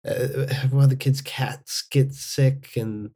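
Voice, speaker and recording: A man co-hosting a film podcast, summarizing a plot in a measured, halting way with many pauses. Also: medium pitch, steady tone, dark tone, husky. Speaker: podcast co-host. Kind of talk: casual film podcast chat.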